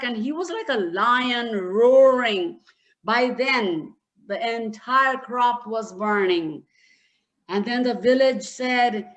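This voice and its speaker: Woman storyteller, fairly high voice, slow and dramatic retelling. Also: lively intonation, a bit bright. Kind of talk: spoken storytelling.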